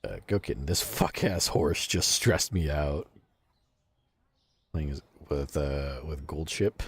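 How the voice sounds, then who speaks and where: A man's voice: extremely low pitch, takes it slowly, breathy edge, no echo. A man streaming a game and casually chatting with his viewers, swearing freely and laughing often. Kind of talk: casual game livestream chat, reading chat aloud.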